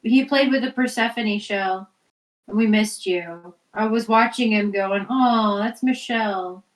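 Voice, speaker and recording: A woman co-hosting a casual family chat, recounting stories with quick interjections. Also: mid-range voice. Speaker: podcast co-host. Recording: roomy, distant mic.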